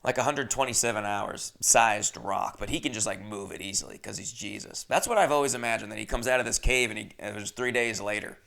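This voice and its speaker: A young man chatting casually on his own from his apartment, rambling through anecdotes with animated jumps in volume. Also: on the low side, brisk, creaky, hardly any pauses. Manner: rambling, animated storytelling with sudden jumps in loudness. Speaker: comedian podcast host. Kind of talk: casual solo chat. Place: his first-floor apartment.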